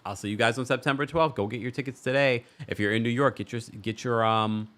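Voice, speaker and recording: A man's voice: medium pitch, quick pace, fairly bright tone, a faint crowd. A man hosting a livestream who chats and gossips about a reality show, reads viewer comments aloud and laughs often. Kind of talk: casual reality TV recap commentary.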